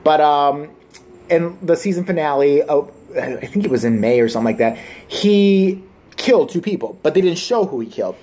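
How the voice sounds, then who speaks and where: A man's voice: fairly high pitch, animated, normal speed, warm tone. Sarcastic 30s guy ranting into the camera, swears nonstop, crude jokes. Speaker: vlogger. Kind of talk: profane comedic rant.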